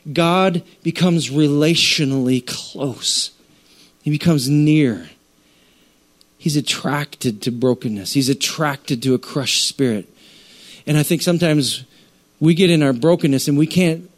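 A man's voice: on the high side, unhurried. A male preacher giving a sermon in an emphatic, repetitive, conversational way.

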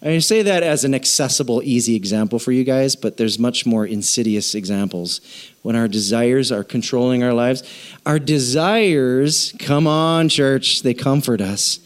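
A middle-aged man preaching a sermon as pastor, telling a self-mocking story in an animated way. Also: mid-range voice, normal speed.

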